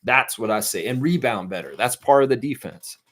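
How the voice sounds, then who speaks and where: A man's voice: mid-range voice, lively intonation, brisk, fairly bright tone. A middle-aged man hosting a live fan stream, ranting profanely and reading out chat messages.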